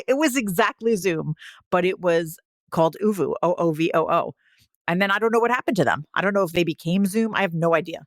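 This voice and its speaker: Lively laughing woman co-host, dry sound. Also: fairly low pitch, brisk, dry recording. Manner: animated, laughs often, swears casually. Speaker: podcast co-host. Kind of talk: casual chat.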